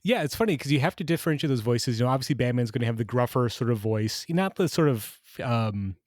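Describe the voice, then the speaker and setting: A man's voice: medium pitch, animated, quick pace, a little mellow, dry recording, clean studio sound. A man co-hosting a podcast in casual chat, rambling and hunting for names as he talks. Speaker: podcast co-host.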